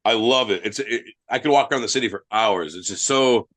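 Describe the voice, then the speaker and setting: A man's voice: fairly low pitch, a little fast, a bit bright. A young man, a guest wrestler, telling blunt, profane stories in casual podcast chat.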